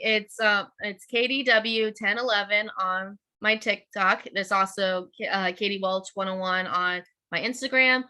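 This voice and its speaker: A woman's voice: fairly high pitch, bright, forceful tone. A woman guest in a casual interview, a teacher and cosplayer, talking in a bubbly, chatty way. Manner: bubbly, chatty, quick laughs.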